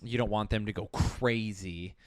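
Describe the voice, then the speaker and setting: A man in an easygoing podcast chat, his voice springing up in pitch when he gets excited, laughing between facts, recorded dry and close with no room sound. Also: dry recording. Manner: animated, laughing, quick to lecture on history. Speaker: podcast co-host.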